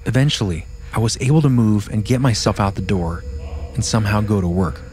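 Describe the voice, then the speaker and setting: Low-voiced man reading a story. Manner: steady, measured storytelling delivery. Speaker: podcast host. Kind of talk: reading a listener's story aloud.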